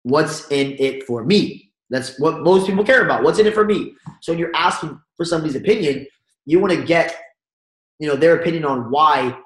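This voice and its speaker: A man giving an energetic sales training talk and acting out phone calls as he coaches his audience. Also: a little high, normal speed, echoey room, low-quality recording. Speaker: network marketing trainer.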